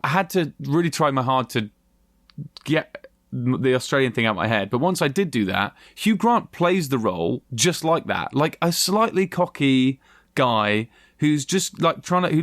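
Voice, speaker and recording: A man co-hosting a film podcast, talking in a chatty, animated way and swearing casually. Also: medium pitch, normal speed, no room sound, clean studio sound. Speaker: podcast co-host. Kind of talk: casual film review chat.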